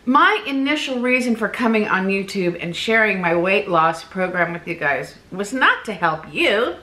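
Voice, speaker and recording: A woman vlogger chatting casually to her camera, animated and talkative, often laughing. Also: medium pitch, normal speed. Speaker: weight-loss vlogger.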